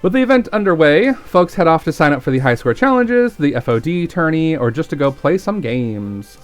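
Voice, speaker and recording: A man's voice: fairly high pitch, very animated, normal speed, soft background music. A man streaming, reading a visual novel aloud with casual, chatty asides.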